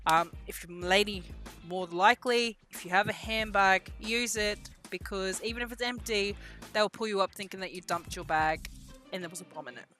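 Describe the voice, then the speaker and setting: A young woman vlogger telling a story casually, animated and self-mocking, swearing now and then. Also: medium pitch, normal speed, faint music behind. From Australia.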